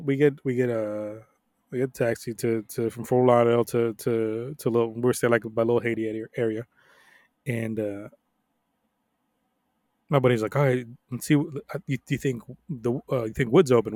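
Profane, animated podcast storyteller man. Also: medium pitch, moderate pace, no room sound, clean studio sound. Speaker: podcast co-host.

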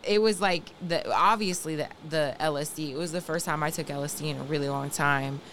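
A woman's voice: low voice, brisk, fairly bright tone, a little hiss or hum. A young woman co-hosting a podcast, telling a candid story in slang and acting out what was said. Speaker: podcast co-host. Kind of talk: casual explicit chat.

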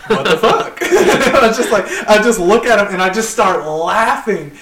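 A man's voice: sits high, moderate pace, a crowd in the background. A young man, a tradesman, telling a work story in a casual podcast chat, swearing freely and laughing as he talks. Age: young adult. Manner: profane, animated, laughing through the story. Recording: roomy echo.

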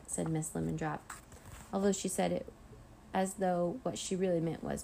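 A woman reading a children's chapter book aloud in a gentle, steady storytelling voice. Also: on the low side, normal speed, creaky, a little hiss or hum, rough recording.

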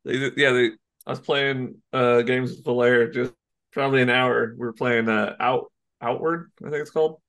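Rambling, animated man chatting. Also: medium pitch, moderate pace. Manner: rambling, animated, swears and laughs often. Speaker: podcast co-host. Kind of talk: casual chat.

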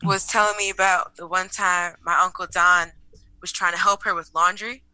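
A woman's voice: lowish voice, steady tone, moderate pace, sharp tone, clean tone, rough recording. A young woman co-hosting a podcast in casual chat, teasing and blunt, cursing casually. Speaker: podcast co-host.

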